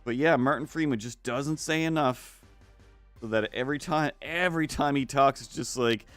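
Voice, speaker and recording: A man of middle pitch who talks casually while drawing on a stream. He rambles in loose, restarting sentences and often drops into silly voices. The sound is dry and close, with faint music underneath. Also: normal speed, a bit bright, no echo. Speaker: art streamer.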